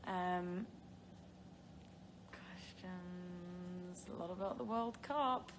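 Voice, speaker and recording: A young English actress takes fan questions in a casual phone livestream, reading them out, laughing often and dropping filler words. The background is noisy, and her mid-range voice moves at a moderate pace.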